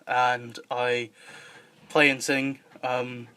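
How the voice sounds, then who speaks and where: A man's voice: mid-range voice, flat delivery, very slow, bright, forceful tone. A young adult man hosting a podcast in casual chat, joking, laughing often and swearing freely. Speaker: podcast host.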